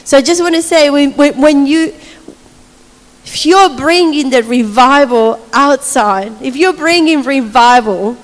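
A woman with a high voice tells a faith testimony as a sermon. Her storytelling is animated, broken by frequent laughter and acted-out quotes. The sound carries a long reverb, as in a large hall. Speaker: speaker sharing a testimony.

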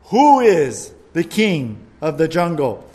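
A man's voice: on the high side, animated, a little slow, a little mellow. A man voicing a boastful male lion in a joke, roaring out his question. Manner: roaring, bossy, then sulky.

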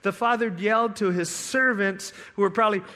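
A man preaching a sermon, telling a parable with dramatic swings between hushed, quiet lines and loud, eager ones. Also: high voice, steady tone, brisk. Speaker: pastor.

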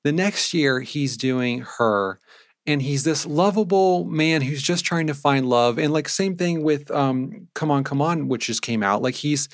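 A man's voice: medium pitch, dry recording, studio quality. A man co-hosting a film podcast, speaking casually, with lots of "like" and "um" and easy laughter. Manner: hesitant, many fillers, laughs easily. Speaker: podcast co-host.

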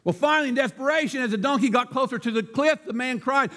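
A man's voice: extremely high pitch, fast, few pauses, a bit bright, in a large hall. A man preaching a sermon as pastor, telling a folksy story and laughing at his own joke.

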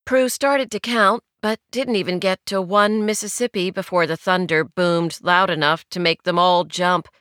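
Smooth, low-voiced woman narrating a novel. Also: fairly even intonation, moderate pace, few pauses, a bit bright, no room sound, studio quality. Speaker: audiobook narrator. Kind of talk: scripted narration.

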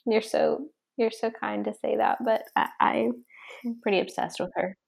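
A woman's voice: on the high side, fairly even intonation, moderate pace, gravelly. A young adult woman guesting on a podcast, chatting casually, gushing and rambling with laughs. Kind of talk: casual chat.

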